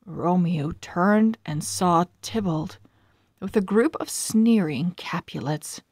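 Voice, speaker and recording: A woman reading a children's storybook aloud in a calm, measured way. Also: fairly low pitch, husky, no echo, studio quality. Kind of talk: children's book read-aloud.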